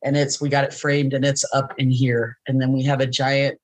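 A middle-aged woman talking casually in an interview, animated and self-mocking. She laughs often and slips into quoted voices as she tells a story. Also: very deep voice, moderate pace, rough recording. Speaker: interview guest, wrestling announcer. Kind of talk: casual chat.

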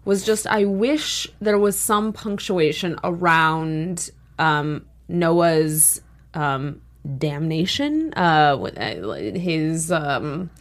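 A woman co-hosting a TV after-show, thoughtful and measured, pausing on ums. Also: low voice, expressive. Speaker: co-host. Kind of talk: casual TV after-show chat.

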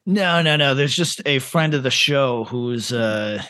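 A man co-hosting a casual podcast, talking in an animated, profane way and laughing often. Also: medium pitch, a little slow, no room sound, clean studio sound. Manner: animated, profane, laughing, reading posts aloud. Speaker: podcast co-host.

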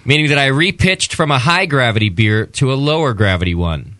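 A man reading out a listener's question on a podcast in a plain, steady way. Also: medium pitch, brisk, no room sound. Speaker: show producer reading questions.

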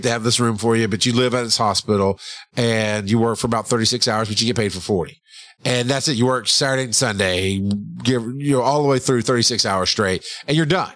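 A middle-aged man co-hosting a podcast, telling family stories in a casual, animated way and breaking into loud laughter. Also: mid-range voice, no room sound. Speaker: podcast co-host. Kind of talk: casual storytelling chat.

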